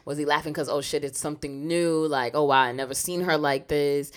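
A woman's voice: low-pitched, steady tone, fairly quick. A woman co-hosting a podcast in casual, frank chat, often saying "you know" and laughing easily. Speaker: podcast co-host.

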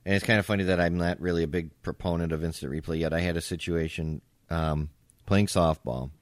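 A man co-hosting a casual podcast, telling an animated story and acting out both sides of an argument. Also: low voice, brisk, no room sound. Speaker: podcast co-host.

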